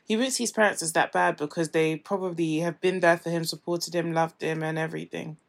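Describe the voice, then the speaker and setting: A woman's voice: on the low side, steady tone, brisk, vocal fry. A woman co-hosting a podcast in casual chat, mostly adding short agreeing remarks. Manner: brief agreeing interjections. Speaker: podcast co-host.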